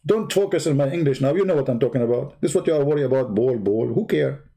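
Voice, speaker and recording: A man's voice: mid-range voice, lively intonation, fast talker, gravelly, dark tone, slightly rough. A man hosting his own channel, giving sarcastic commentary while he draws, with rambling asides and mocking rhetorical questions. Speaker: channel host.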